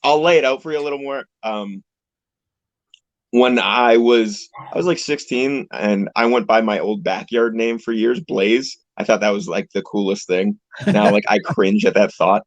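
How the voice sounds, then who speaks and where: A man's voice: on the low side, moderate pace, no echo. A young man from Canada, a pro wrestler, chatting casually as an interview guest in a laid-back, rambling way with casual swearing, heard over a video call. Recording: dull lo-fi call audio, dry.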